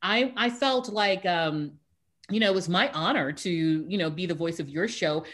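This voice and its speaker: A woman's voice: fairly low pitch, moderate pace. A middle-aged woman, a voiceover artist, chatting as a guest and telling a story with lots of fillers and acted-out reactions. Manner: animated storyteller, acts out her own reactions, laughs often. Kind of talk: casual interview chat.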